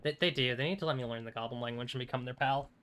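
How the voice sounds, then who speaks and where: A man streams a video game and narrates his moves in loose, chatty bursts. He mutters, swears freely and thinks aloud. His voice is bright and tense, at a middle pitch for a man. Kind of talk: casual live gameplay commentary.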